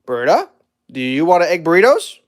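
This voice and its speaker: A man's voice: on the high side, big pitch swings, normal speed. A man vlogging casually while cooking in his home kitchen, rambling and chatting with his dog.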